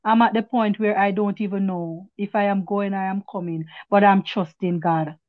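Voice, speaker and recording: A woman's voice: medium pitch, steady tone, dry recording. A woman, a teacher, gives heartfelt testimony on a video call. She stops and repeats her words often and speaks with religious fervor. The audio is muffled and dry, like a cheap call connection. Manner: halting, repeats words, fervent. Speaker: prayer meeting participant giving testimony. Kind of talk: emotional spoken testimony.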